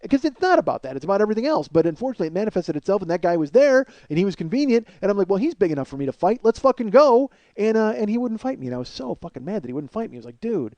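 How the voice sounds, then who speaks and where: A middle-aged man hosting a comedy podcast, telling a story in a profane, excitable rant. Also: sits high, racing, hardly any pauses, no echo, lo-fi sound.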